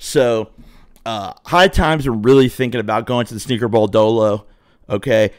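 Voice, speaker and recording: A man's voice: mid-range voice, normal speed, dry recording, clean studio sound. A young man from Southwest Ohio, a podcast host telling a story in a casual, profane, swaggering way.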